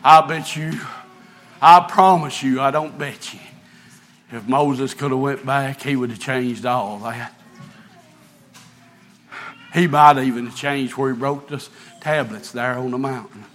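A man's voice: mid-range voice, fairly even intonation, a little slow, long pauses, fairly bright tone. A man preaching an impassioned sermon and reading scripture aloud.

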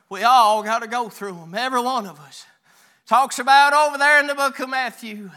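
A man's voice: very high-pitched, pushed and bright. A man preaching a folksy sermon, calling the congregation "honey" and reading scripture aloud with small stumbles. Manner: calls listeners "honey", reads scripture aloud haltingly.

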